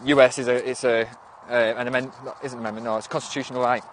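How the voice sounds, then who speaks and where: A man's voice: mid-range voice, level tone, rapid-fire, background noise. Rambling northern English man streaming. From Northwest England. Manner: rambling, restarts often, swears and snaps back at commenters. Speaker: livestream host. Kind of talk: casual livestream chat, reading and answering viewer comments.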